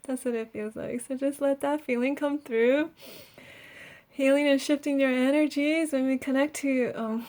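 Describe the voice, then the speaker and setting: Young woman, energy healer, guided meditation, soft and breathy, giggly, fairly high voice.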